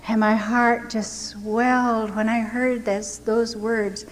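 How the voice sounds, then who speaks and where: A woman's voice: a little high, little pitch movement, slow. An older woman from the United States giving a heartfelt personal testimony as a missionary, earnest and sometimes sinking to a near-whisper. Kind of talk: emotional personal storytelling. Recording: long hall reverb, faint background hiss.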